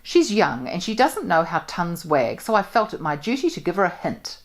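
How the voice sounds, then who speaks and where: A woman reading aloud and voicing a blunt, loud, self-assured middle-aged spinster who gossips briskly. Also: fairly low pitch, sing-song. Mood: blunt, gossipy.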